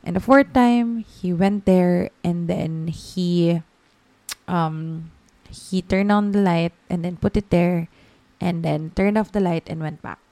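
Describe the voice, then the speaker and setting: A woman's voice: fairly low pitch, takes it slowly, warm tone. A woman in her thirties with a Filipino accent, hosting a podcast and telling a story in a chatty way, with Tagalog words mixed into her English. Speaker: podcast host. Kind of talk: casual storytelling monologue.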